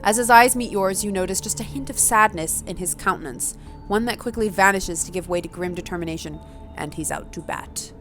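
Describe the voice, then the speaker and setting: Woman doing a lets play, reads the story out loud, chatty asides, little music behind. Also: mid-range voice, fairly quick. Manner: chatty, laughs at herself, reads narration expressively. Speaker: let's play gamer. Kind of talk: reading a story game aloud with commentary.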